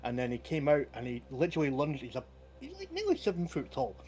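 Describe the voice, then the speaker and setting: A man's voice: medium pitch, wildly swooping pitch, fast, a little mellow, faint music behind. Chatty man telling anecdotes. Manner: chatty, anecdotal storytelling with laughs. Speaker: podcast host and game master. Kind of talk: casual chat.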